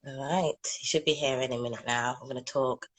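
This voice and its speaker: A woman's voice: rumbling low, fairly even intonation, a little fast, rough recording. A woman hosting a casual live video chat on her phone, chatting freely and asking a guest questions. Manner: chatty, scolding her dog between questions. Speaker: host.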